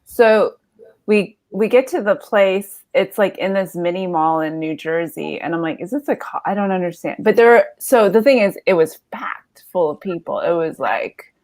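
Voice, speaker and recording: A woman's voice: on the low side, a little slow, a little mellow. A woman in her thirties telling a comedy story, rambling and self-deprecating with lots of fillers and laughs.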